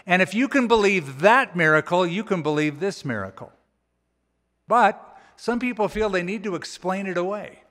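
A man preaching a sermon as a pastor, with a conversational, folksy way of retelling the text and animated quoted voices. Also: sits high, moderate pace. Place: church auditorium. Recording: church hall with long reverb.

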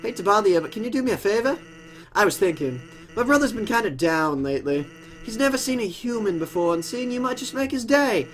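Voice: mid-range voice, very animated, brisk, close to an everyday voice. A player doing a lazy, joking skeleton. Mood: casual. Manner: easygoing, punning. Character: lazy joking male skeleton, laid-back.

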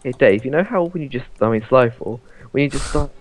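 A man with an ordinary mid-pitched voice chats through a video game session. He teases his friends and breaks into laughter often. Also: lively intonation, a little fast, soft background music, rough recording. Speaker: player. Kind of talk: casual chat while playing a video game.

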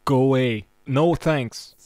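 A man's voice: mid-range voice, slow pace, a little mellow, no room sound. A young Irish man from Cork giving sarcastic, rambling, jokey commentary over a life-sim game as a gaming YouTuber, swearing freely. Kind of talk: gameplay commentary.

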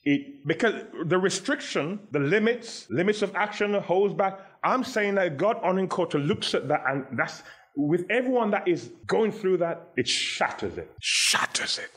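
A man preaching a sermon, exuberant, laughing and shouting Hallelujah. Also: sits high, expressive, normal speed, husky. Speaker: pastor and guest speaker.

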